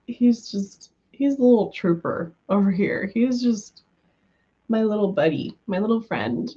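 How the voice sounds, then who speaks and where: A woman's voice: mid-range voice, dark tone, slightly rough, dull audio. A woman from the US West Coast chatting casually with viewers on a livestream, giggly and full of fillers, just over being sick. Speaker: livestream host.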